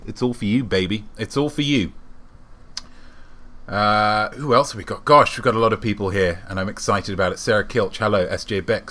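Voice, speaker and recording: A man hosting a live-stream show, chatting with viewers in a playful, mock-grand and deadpan way while reading out their names. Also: on the low side. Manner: reads out viewer names in a running patter. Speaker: livestream host.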